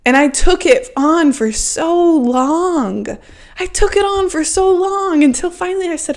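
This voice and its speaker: A woman's voice: high-pitched, normal speed, a little mellow. A woman in her early twenties giving a fervent, emotional self-help monologue as a podcast host, often saying "like" and swearing freely. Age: 20s.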